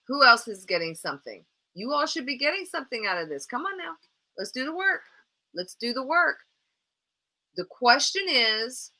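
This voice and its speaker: A woman hosting a live motivational coaching show. She talks straight to her viewers with emphatic, encouraging repetition. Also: mid-range voice. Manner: encouraging and animated.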